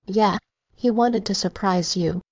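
A woman's voice: mid-range voice, unhurried, a little mellow, slightly rough, dry recording. A woman voicing an affectionate middle-aged mother in an audiobook. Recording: slightly dull, dry recording.

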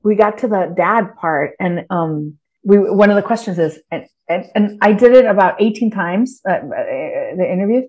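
A woman in her forties from Texas, a guest writer talking in a lively, rambling way full of restarts. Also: medium pitch, moderate pace, few pauses, highs cut off. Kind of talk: casual interview chat.

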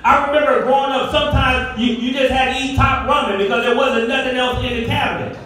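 Male pastor, middle-aged, very high voice, call-and-response sermon, distant mic in a roomy hall. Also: steady tone, fast. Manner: preaching with call-and-response, rising to shouts. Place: church sanctuary. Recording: echoey hall, far from the mic.

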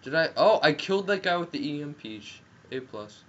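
A young man giving casual, jokey commentary while playing a game, yelling at the action and talking through a headset mic. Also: a little high, fast talker. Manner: excitable, jokey, yells at the game. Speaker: gameplay commentator. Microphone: gaming headset. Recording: dull headset audio with faint noise.

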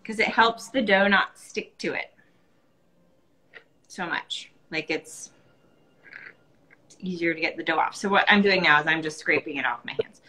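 A woman's voice: on the low side, moderate pace, pauses often, sharp tone, rough recording. A tired young woman in a casual how-to chat, patiently explaining baking steps with a playful edge. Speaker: actress showing how to bake bread.

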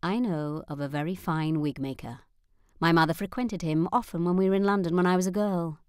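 A woman voicing a gentle but determined middle-aged mother in an audiobook, speaking calmly and firmly. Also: on the low side, a little fast, clear, resonant tone, no room sound, clean studio sound, lightly acted. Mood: reassuring. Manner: calm, soothing, firm.

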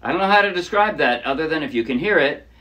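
Animated and fast-talking, a man with a slightly high voice teaches ukulele casually over loud music. He talks through the chords and counts beats aloud as the loud ukulele plays.

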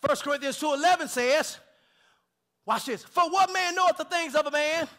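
A pastor preaching in a church, his voice sitting unusually high for a man with a bright, forceful edge. He jokes in a folksy way, then swells into shouted, drawn-out scripture and calls to his congregation. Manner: preaching with call-and-response, rising to shouts; folksy, joking asides with laughter. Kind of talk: sermon. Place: church sanctuary.

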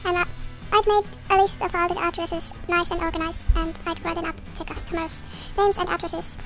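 A woman reading a fretful village woman's game dialogue aloud in a squeaky put-on voice, with game music under her. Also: flat delivery, a little fast.

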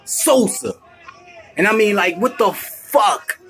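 A man giving an excited, profane recap of a battle, repeating his phrases and hyping the performers. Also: fairly high pitch, moderate pace, soft background music. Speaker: battle rap reviewer.

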